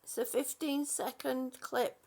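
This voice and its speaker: A woman's voice: high-pitched, fairly even intonation, a little slow, creaky. An older woman hosting a live stream, chatting as she reads viewers' comments, with many ums and restarts. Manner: chatty, warm-hearted, with frequent "um" and restarts. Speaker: channel host.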